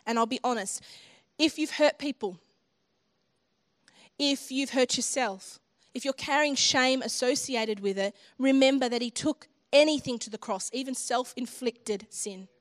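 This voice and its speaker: A woman's voice: high-pitched, measured pace. A woman giving an earnest, personal sermon and altar call to a congregation. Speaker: church speaker.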